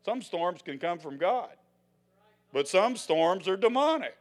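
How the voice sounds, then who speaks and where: Older male preacher, high voice, folksy and theatrical, loud to hushed. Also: big pitch swings, unhurried. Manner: dramatic, swings from loud to hushed; folksy, acts out the scenes he tells. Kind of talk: sermon.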